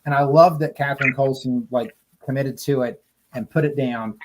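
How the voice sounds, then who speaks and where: A man's voice: medium pitch, steady tone, normal speed, background noise. A man chatting casually as a podcast co-host, gushing and emotional, often stammering and restarting his sentences. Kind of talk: casual enthusiastic chat.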